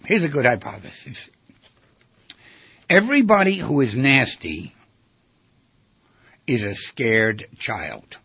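A man giving an animated talk, firing off rhetorical questions and acting out quoted voices, on a slightly muffled lo-fi recording. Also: mid-range voice, slow pace, long pauses, breathy edge, no room sound. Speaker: speaker giving a talk on relationships. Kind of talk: animated lecture to an audience.

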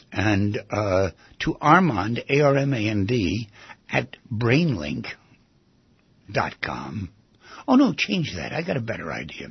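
A man's voice: medium pitch, gravelly, slightly rough, no room sound, dull audio. A man hosting a radio talk show as a psychotherapist, talking in a rambling, conversational way and repeating himself.

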